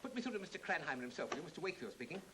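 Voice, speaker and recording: An actor playing a brisk, distracted businessman juggling phone calls in a 1930s film. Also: a little high, very animated. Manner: brisk, distracted, clipped replies. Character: flustered businessman on the phone, middle-aged. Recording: faintly hissy 1930s film soundtrack.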